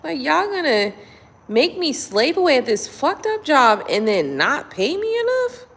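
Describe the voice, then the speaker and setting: Profane, animated woman chatting with viewers. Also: high voice, unhurried, long reverb tail. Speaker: tarot reader. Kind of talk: casual chat with live viewers. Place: indoors at home at night.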